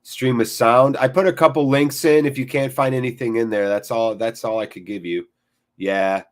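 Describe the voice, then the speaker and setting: A man's voice: medium pitch, steady tone, normal speed. A man hosting a live football watchalong, chatting casually and jokingly with viewers, swearing freely and breaking off to react to the match. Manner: jokey and off-the-cuff, swears freely; reacts to the match between chat replies. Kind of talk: casual live-stream chat, reading viewer comments.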